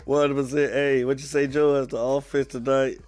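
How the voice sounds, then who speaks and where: Sick-sounding fan-show host, animated. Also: male voice, mid-range voice, no room sound. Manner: drawn-out greetings, animated, calls out commenters by name. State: a little sick, under the weather. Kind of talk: casual live-stream chat, greeting viewers.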